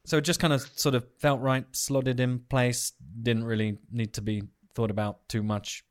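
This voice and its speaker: A man interviewing guests, asking measured questions with lots of hedging. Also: medium pitch, level tone, no room sound, studio quality.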